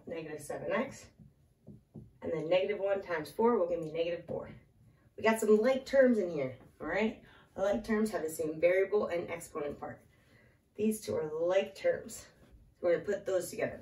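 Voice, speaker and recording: A woman teaching a relaxed math lesson, talking through each step aloud and stopping to chat with a small child in her arms. She sounds a little out of breath. Her voice rings in an echoey room and comes from some distance off the mic. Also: lowish voice. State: slightly out of breath. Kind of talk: casual math lesson at a whiteboard.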